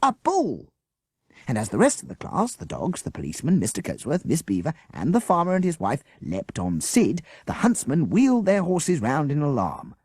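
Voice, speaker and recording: A man reading a children's adventure audiobook aloud, with very animated, character-driven narration. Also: fairly high pitch, brisk, few pauses, slightly rough, no echo, clean studio sound. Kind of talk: storybook narration.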